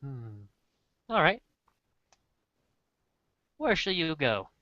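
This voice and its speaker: A man's voice: on the high side, very animated, drawn-out words, no room sound. A man running a tabletop role-play as game master, narrating casually with playful asides. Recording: muffled dry lo-fi recording.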